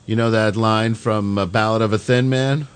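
A man's voice: fairly low pitch, fairly even intonation, normal speed, clear, resonant tone. Profane rambling man in his fifties. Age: 50s. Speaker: podcast host. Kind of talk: casual radio chat.

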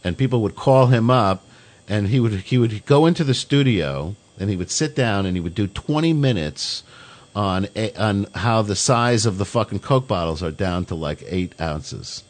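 A man's voice: lowish voice, lively intonation, moderate pace. A man in his fifties telling rambling stories in casual radio chat, swearing freely. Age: 50s. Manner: profane, rambling storyteller. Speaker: podcast host.

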